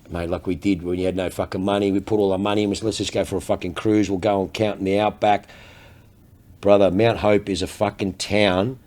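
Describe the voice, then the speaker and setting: An Australian man, a luxury car salesman, telling stories on a casual podcast, swearing constantly and full of energy. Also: low voice. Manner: profane, animated storyteller.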